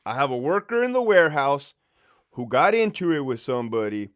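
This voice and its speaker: A man's voice: medium pitch, big pitch swings, fairly quick, fairly bright tone, clean tone. A man voicing a flustered, slightly drunk male maintenance supervisor calling in a worry. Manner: rambling, anxious phone caller.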